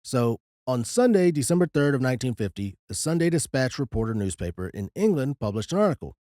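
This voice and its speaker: Mellow-toned podcast co-host man. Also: mid-range voice, fairly quick, no room sound, clean studio sound. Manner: relaxed, reads documents aloud. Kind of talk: casual chat.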